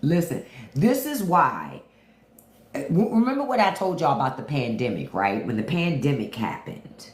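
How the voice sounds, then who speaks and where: Animated, profane woman host. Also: deep voice, normal speed. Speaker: podcast host. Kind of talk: livestream commentary. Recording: roomy echo.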